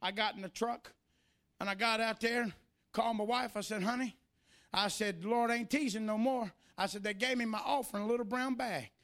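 A male preacher giving a sermon in church, moving between shouted, sing-song preaching and quieter, folksy storytelling. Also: high voice, fairly even intonation, fairly quick.

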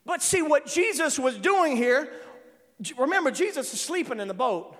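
A male preacher delivering an emphatic sermon in a folksy way, breaking into shouts at times. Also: very high-pitched, sing-song, moderate pace. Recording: long reverb of a large hall.

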